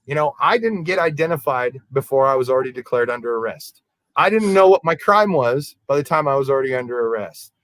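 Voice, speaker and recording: A man, a podcast co-host, telling a story in a casual, animated way and acting out the people in it. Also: medium pitch, fairly quick, no room sound, poor audio. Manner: animated, acts out quoted voices.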